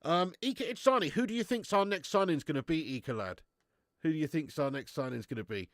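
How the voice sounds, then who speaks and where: Brief: young man hosting a live stream, slangy banter, laughs a lot, somewhat higher voice, stuffed up with a cold, dry close sound, garage setup. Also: lively intonation, fast talker, fairly bright tone, no echo. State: has a cold. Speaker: livestream host. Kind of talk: casual live-stream chat reading comments. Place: home garage.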